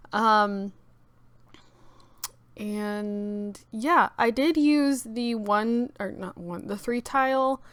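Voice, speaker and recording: A woman's voice: mid-range voice, fairly bright tone, clean tone, dry recording. A young woman with a cracking morning voice, rambling casually with many fillers as she talks over her game build video. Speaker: YouTube gaming creator.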